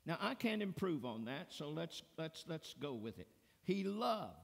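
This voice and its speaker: A man preaching a sermon as pastor in a church sanctuary, earnest and deliberate, pressing hard on key words. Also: on the high side, very animated, gravelly. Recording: long church reverb.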